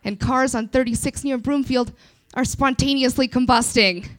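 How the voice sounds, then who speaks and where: A woman's voice: high voice, steady tone, moderate pace, close to an everyday voice. A woman voicing a chipper female radio traffic announcer who reads grim news in a cheery, upbeat way.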